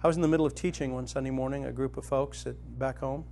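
A middle-aged man preaching a sermon, telling a personal story and retelling a parable, rising to loud excitement in the vivid parts and dropping soft in the tender ones. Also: quick pace, gravelly, a little hiss or hum. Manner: storytelling, grows animated and loud when dramatizing, soft and low when tender.

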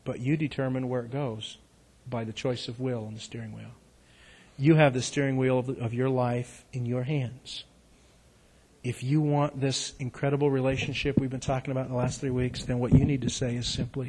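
A middle-aged man preaching a sermon, moving between loud, urgent exhortation and soft, hushed reading. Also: medium pitch, level tone, moderate pace, a little hiss or hum. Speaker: pastor.

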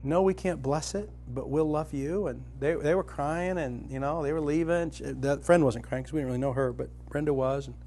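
A man's voice: fairly quick, hardly any pauses, a little hiss or hum. Middle-aged man preaching a heartfelt sermon. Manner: storytelling, grows animated and loud when dramatizing, soft and low when tender.

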